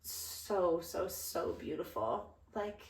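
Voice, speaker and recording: A young woman co-hosting a podcast, telling a story in a casual, animated way with lots of laughs. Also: lowish voice, takes it slowly. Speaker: podcast co-host. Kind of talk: casual chat. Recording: roomy, distant from the mic.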